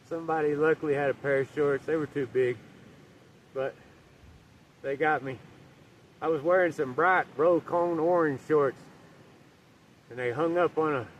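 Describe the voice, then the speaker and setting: A man's voice: a little high, moderate pace, pauses often, dull audio. A man telling a rambling, folksy story outdoors while walking his dog, swearing casually. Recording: distant mic, faint outdoor noise.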